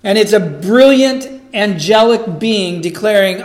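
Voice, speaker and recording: A male pastor delivers a sermon in a high-pitched voice. He speaks at an unhurried, deliberate pace. His delivery is earnest and emphatic, often doubling words as he drives a point home.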